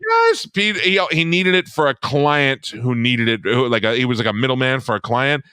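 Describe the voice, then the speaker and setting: A man's voice: medium pitch, normal speed, pushed and bright, clean tone, dry recording, studio quality. A man hosting a casual chat, telling a profane story and acting out both sides of a phone call.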